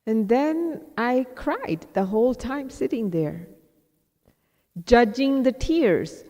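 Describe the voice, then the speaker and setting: A woman's voice: fairly high pitch, animated, takes it slowly, dark tone. A woman from India telling a personal story to a live audience as a spiritual teacher, reflective and self-mocking, quoting her own thoughts in asides. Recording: long hall reverb.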